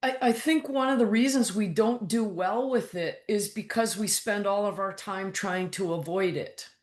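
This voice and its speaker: A woman's voice: medium pitch, moderate pace, echoey room. A woman guest coach speaking frankly and bluntly in a casual interview, acting out her own thoughts in quotes and swearing now and then. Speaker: guest, mental toughness coach.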